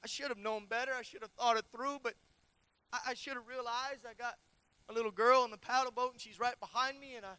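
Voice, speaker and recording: Man, pastor, sermon, personal storytelling, repeated phrases, bright, dry sound. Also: very high voice, steady tone, fast talker, clear, resonant tone, no echo. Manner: dramatic swings from loud to hushed.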